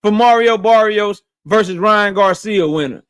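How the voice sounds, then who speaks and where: A young man with a strikingly high voice hosts a boxing talk show. He is blunt and profane, and he says his points twice for emphasis in casual, opinionated commentary. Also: moderate pace, fairly bright tone.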